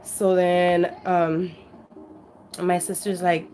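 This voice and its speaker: A woman's voice: mid-range voice, little pitch movement, normal speed, darkish tone, slight background noise. A woman telling her story casually to a handheld camera, rambling with frequent "you know" and freely swearing. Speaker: vlogger sharing her life story. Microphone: handheld camera at arm's length.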